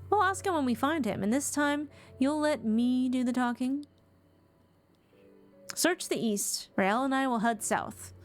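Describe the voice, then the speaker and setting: A woman's voice: sits high, expressive, a little slow, soft background music. A woman voicing an earnest, determined young companion in a video game, reading her lines aloud.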